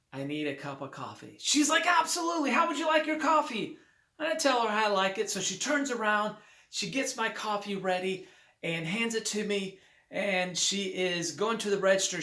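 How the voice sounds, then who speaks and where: A man who writes motivational books telling a personal anecdote to his viewers in an upbeat, lively way with emphatic repetition. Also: sits high. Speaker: motivational author. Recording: roomy echo.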